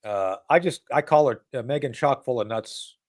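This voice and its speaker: A man's voice: mid-range voice, normal speed, a little mellow. A man hosting a casual political talk show. He rambles and mocks, with many restarts and asides.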